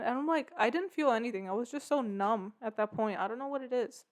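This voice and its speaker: A woman's voice: on the high side, brisk. A woman hosting her own podcast, telling a story in a casual, rambling way full of "like" and "yeah". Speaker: podcast host.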